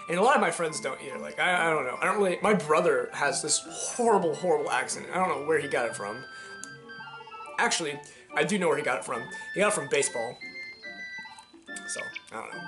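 A man's voice: on the high side, lively intonation, fast, music in the background. A young man from Georgia in the US, rambling casually and profanely as he comments on a game he is playing, on a headset mic. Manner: rambling, profane, many fillers. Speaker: let's play host.

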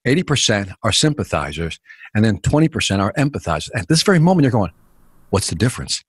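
A man telling sales stories in an interview, energetic and acting out quotes and scenes, with a husky voice. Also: lowish voice, fast talker, no room sound. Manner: energetic, acts out quotes and scenes, drops voice for dialogue. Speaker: sales speaker, interview guest. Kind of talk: animated storytelling in a podcast interview.

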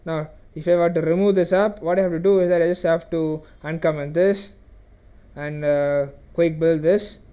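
High-voiced man explaining code, dull lo-fi sound. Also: steady tone, normal speed, smooth. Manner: explains step by step with frequent okays and restarts. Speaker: programming tutorial host. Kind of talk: screen-recorded coding lesson.

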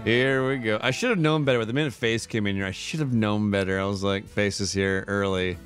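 A man's voice: lowish voice, brisk, fairly bright tone. A man hosting a casual live stream, tired but upbeat and chatty, laughing often as he thanks subscribers one by one. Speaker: livestreamer. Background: faint background music.

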